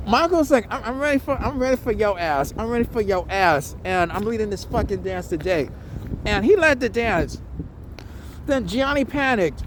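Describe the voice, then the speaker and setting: A man talks through a fight recap in a loose, offhand way, swearing freely and stumbling over his words. His speech is full of slang, "um"s and restarted sentences. A little faint noise sits under his voice. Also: very high-pitched. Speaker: vlogger reviewing a jiu-jitsu tournament. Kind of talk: casual rambling commentary.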